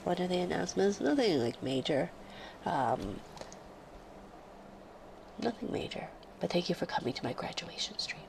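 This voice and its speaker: A woman chatting casually on her live stream while sick with a fever, often dropping into soft whispers. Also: lowish voice, very animated, vocal fry, background noise. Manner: slow and soft, drifting into whispers. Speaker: livestreamer. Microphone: close studio microphone.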